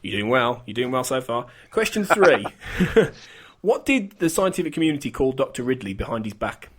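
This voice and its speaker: A man's voice: medium pitch, very animated, normal speed, a bit bright, a little hiss or hum. A man hosting a podcast, running a quiz in casual chat and laughing often. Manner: giggly, chatty quizmaster. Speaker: podcast host.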